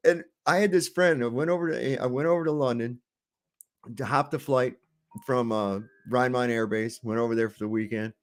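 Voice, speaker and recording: A man's voice: medium pitch, a little fast. A man casually telling stories with swearing, on a video call. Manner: swearing, chatty storyteller. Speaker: debater.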